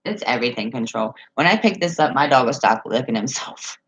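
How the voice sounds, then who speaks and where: A woman's voice: extremely low pitch, expressive, a little fast, a bit bright, slightly rough, poor audio. A woman chatting casually on a live stream from home, reading viewer comments and telling rambling stories with frequent laughs.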